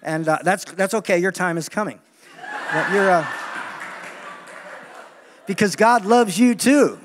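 A man preaching a sermon in an animated, joking way, acting out the voices he quotes. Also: high voice, measured pace, in a large hall, noisy background. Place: large meeting hall.

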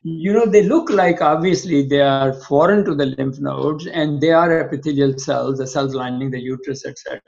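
A man's voice: a little high, normal speed, vocal fry, few pauses, a little mellow. An older man, a physician guest in an interview, telling long stories and acting out both sides of past conversations. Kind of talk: interview storytelling. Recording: dull lo-fi sound.

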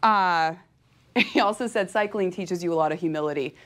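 An energetic woman from California gives a motivational talk to an audience. She speaks openly and with feeling, and laughs often. Her voice sits slightly low for a woman. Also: moderate pace. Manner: emotional and openly heartfelt. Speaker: professional cyclist giving a talk.

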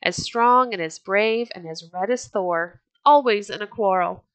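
A woman's voice: medium pitch, a little slow, a bit bright, dry recording, natural voice. A woman reading the lines of an admiring bystander who muses in a storytelling manner. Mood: musing. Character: gossiping bystander, admiring and musing.

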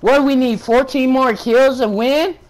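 A gaming YouTuber giving live gameplay commentary at home, frustrated and swearing, with loud shouted outbursts. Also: high-pitched, steady tone, moderate pace, slight background noise.

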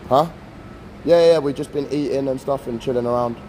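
A man's voice: medium pitch, steady tone, brisk, darkish tone, slight background noise. Man in laughing slangy banter. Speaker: vlogger. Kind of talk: casual chat. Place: walking through a shopping mall at night.

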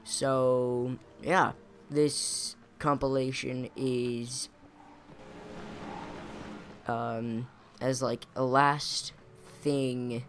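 A young male gamer talks through his game in an unhurried, rambling way, stopping to correct himself and chuckle. His voice sits at an ordinary pitch, and a steady hiss of background noise runs under the recording. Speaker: gaming YouTuber. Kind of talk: casual gameplay commentary.

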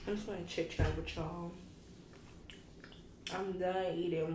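A woman's voice: lowish voice, fairly even intonation, unhurried, long pauses, a little mellow, a little hiss or hum. Young woman in her twenties, casual vlogger with slangy straight talk, camera mic in a roomy space with faint background ambience. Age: 20s. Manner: candid, slangy, talks straight to viewers. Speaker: food vlogger. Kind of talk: casual chat to camera while eating.

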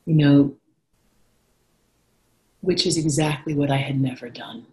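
Woman, low voice, reflective interview guest, animated retellings easing into soft near-whispers, roomy echoey sound. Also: unhurried. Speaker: guest author. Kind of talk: conversational interview talk. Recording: echoey room.

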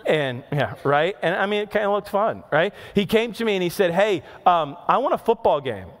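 A man's voice: sits high, expressive, moderate pace. A male pastor in his thirties preaching in a church, moving between chatty storytelling with asides to the crowd and emphatic, repeated questions. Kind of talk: sermon. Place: church auditorium. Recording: long reverb of a large hall.

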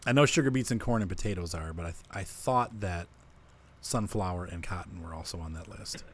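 Hosting a co-op farming let's-play, a man chats casually about what he intends to do while he plays. He speaks fairly quickly in a low voice, with a little hiss or hum in the recording.

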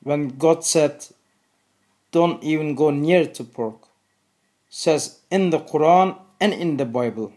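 Man, Turkish accent, native Turkish speaker, earnest, repeats himself, unhurried. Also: on the high side, darkish tone. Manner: earnest, repetitive, slow and deliberate. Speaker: video host. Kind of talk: religious appeal to camera.

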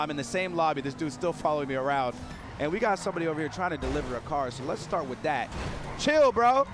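A hoarse young man hosting a gaming channel, giving hyped, giggly commentary while he plays and shouting when things get exciting. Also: a little high, background noise.

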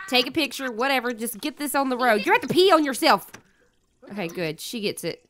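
High, bright excitable woman gamer. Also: a little fast, a little hiss or hum. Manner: excitable, bossy and jokey toward the game characters. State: sniffly with a cold. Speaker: gaming YouTuber. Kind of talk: Let's Play commentary.

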